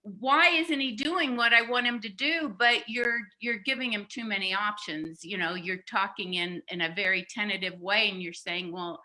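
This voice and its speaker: Bright-voiced woman teaching a seminar. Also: mid-range voice, moderate pace, few pauses. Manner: explanatory, restarts phrases, light laughs. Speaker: workshop speaker on communication.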